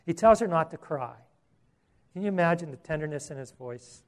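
A man's voice: on the high side, lively intonation, a little fast. A man preaching a sermon, earnest, with repeated words and rhetorical questions.

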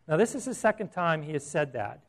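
Chatty preacher man with a higher voice. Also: very animated, a little fast. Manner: conversational, asks the audience questions, chuckles at his own asides. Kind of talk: sermon.

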